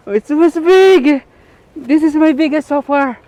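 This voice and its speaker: A man doing live fishing commentary for his vlog, excitable and shouting exclamations. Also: extremely high pitch, moderate pace. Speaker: fishing vlogger.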